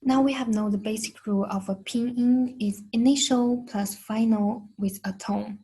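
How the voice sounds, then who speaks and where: A woman's voice: fairly high pitch, steady tone, normal speed, warm tone, husky, rough recording. A woman with a Chinese accent teaching a beginner lesson, patiently repeating each sound twice. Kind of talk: slow, careful language lesson.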